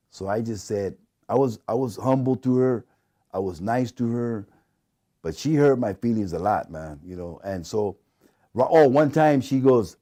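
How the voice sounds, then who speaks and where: A middle-aged man telling stories in an interview, acting out what people said and laughing often. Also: fairly low pitch. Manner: animated, acts out quoted dialogue, laughs often. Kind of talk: casual storytelling interview.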